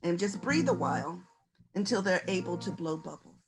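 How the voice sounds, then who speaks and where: Folksy woman giving a calm wellness talk. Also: on the low side, normal speed, low-quality recording. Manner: gentle, conversational, folksy, coaching. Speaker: workshop presenter. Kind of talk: relaxed conference talk on stress reduction. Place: virtual conference session. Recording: music playing underneath.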